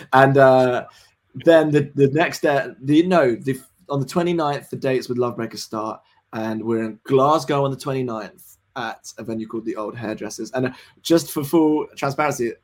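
A young man in his twenties, a band member guest in a casual podcast interview, rambling, excitable and swearing freely. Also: medium pitch. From United Kingdom. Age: 20s.

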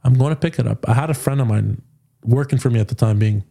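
A young Canadian man hosting a podcast, chatting casually and telling animated stories full of quoted dialogue and slang. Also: medium pitch, fast talker, gravelly. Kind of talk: casual storytelling chat.

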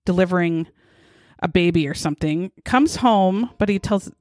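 A woman's voice: fairly low pitch, normal speed, darkish tone, dry recording, studio quality. A woman co-hosting a podcast, chatting casually as she retells a true crime case and acts out the quotes. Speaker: podcast co-host.

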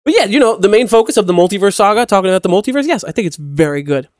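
A man in his thirties co-hosting a podcast who rattles off strong opinions at speed, cursing freely. His voice sits somewhat high and sounds close and dry, with no room around it. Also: lively intonation, no echo. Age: 30s. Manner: fast, opinionated, heavy swearing. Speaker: podcast co-host. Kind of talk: casual chat.

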